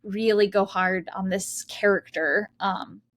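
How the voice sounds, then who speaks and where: A woman's voice: mid-range voice, fairly even intonation, slow. A woman guest in a casual interview, talking in a loose, rambling way with many fillers and easy laughter. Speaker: guest actor.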